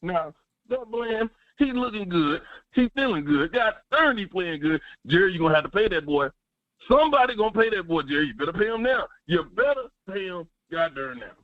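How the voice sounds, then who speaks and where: A man calling into a sports radio show, talking fast and fired up, with lots of repetition and cussing. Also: high voice, dry recording. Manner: animated, swears, preachy repetition. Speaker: caller. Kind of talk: excited sports call-in. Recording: muffled phone line.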